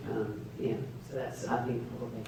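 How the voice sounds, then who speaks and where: A woman's voice: extremely low pitch, little pitch movement, normal speed. A woman answering questions as an actor on a Q&A panel, speaking thoughtfully and searching for her words. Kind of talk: Q&A panel discussion. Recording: echoey hall, distant mic, faint noise.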